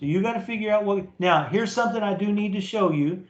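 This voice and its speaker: High-voiced professor checking in with "okay?". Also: male voice, fast. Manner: casual, repeats "okay?" to check understanding. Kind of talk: recorded online class lecture. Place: online class meeting. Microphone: computer mic in a video meeting. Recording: roomy, dull lo-fi meeting recording.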